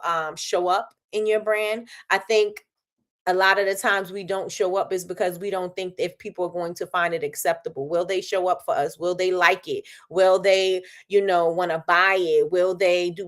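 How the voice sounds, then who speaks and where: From her soap business, a middle-aged woman runs a laid-back motivational live show in a medium-pitched voice. She comes across as energetic and preachy, circling back to the same points and laughing frequently.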